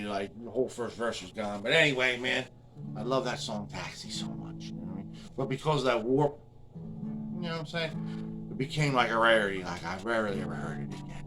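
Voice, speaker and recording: A man in his fifties telling a rambling, casual story, swearing freely and tagging his sentences with "man" and "you know what I mean". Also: lowish voice. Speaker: guitar restorer and vlogger. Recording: loud guitar playing behind the voice.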